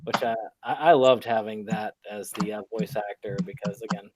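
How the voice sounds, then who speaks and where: A man chatting casually about a film, animated, quoting scenes and laughing. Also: fairly low pitch, noisy background. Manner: animated, quick to quote and laugh.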